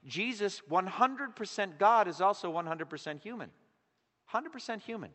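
A man preaching with a fairly high voice, earnest and intent. He swells to loud emphasis, then drops to a near hush on solemn points. The sound rings out with the long echo of a church hall. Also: animated, moderate pace. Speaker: pastor. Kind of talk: sermon.

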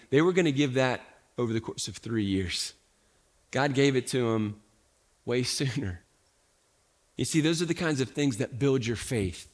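A man preaching a sermon as pastor, talking conversationally with rhetorical questions and repeated restarts. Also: medium pitch.

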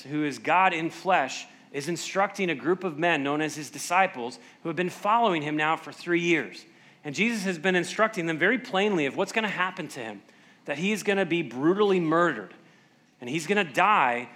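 A middle-aged man preaching a sermon, asking rhetorical questions and acting out scripture quotes in animated voices, sometimes dropping to a slow, quiet delivery for emphasis. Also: sits high. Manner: asks rhetorical questions to the congregation. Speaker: pastor.

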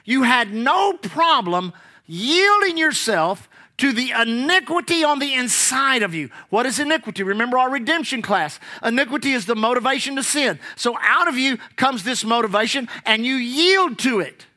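A preacher with a bright, ringing tone and a voice that swings widely up and down. They read scripture and then break it down with rhetorical questions to the congregation. Key words get emphatic, drawn-out stress. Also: mid-range voice, animated. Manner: reads scripture aloud, then explains it. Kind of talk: sermon.

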